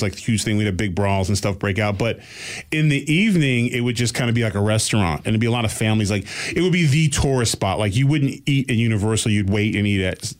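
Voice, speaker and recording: A man co-hosting a podcast who tells a long story casually, in a loose, rambling way full of fillers like "like" and "right?". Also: lowish voice. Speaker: podcast co-host.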